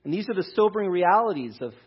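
A pastor preaching a conversational sermon, talking through a scripture passage. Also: male voice, high-pitched, lively intonation, quick pace, slightly rough, muffled recording. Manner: conversational, restarts, reads scripture aloud.

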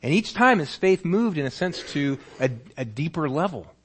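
A man's voice: fairly high pitch, normal speed, a little hiss or hum. A male pastor preaching a sermon, telling a story vividly and acting out its scenes. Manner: animated storytelling, acts out scenes.

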